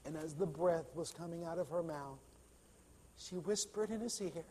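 A male pastor telling a story in a sermon, impassioned and swinging from hushed to loud. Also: a little high, measured pace, in a large hall, slight background noise. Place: church.

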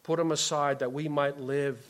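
A man preaching a sermon as a pastor, impassioned, swinging from loud emphasis to soft, hushed lines. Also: a little high, fairly even intonation, normal speed.

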